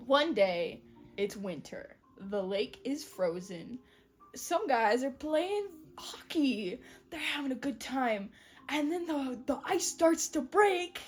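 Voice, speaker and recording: A woman in casual podcast chat, recapping a book plot, giggling often and acting out quick character voices. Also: high voice, expressive. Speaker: podcast co-host.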